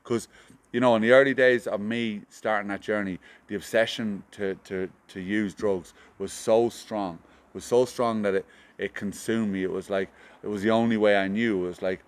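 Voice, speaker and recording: A man's voice: lowish voice, steady tone, normal speed. An Irish man, a podcast guest, talking earnestly in casual chat, often restarting and repeating his words. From Ireland.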